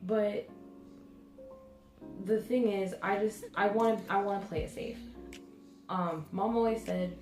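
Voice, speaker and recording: A woman's voice: medium pitch, steady tone, measured pace, long pauses, darkish tone. A young woman vlogging about her hair care, talking casually with a stuffy, nasal voice from the flu and many hesitant ums. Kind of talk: casual talking-to-camera vlog. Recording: roomy sound with music behind.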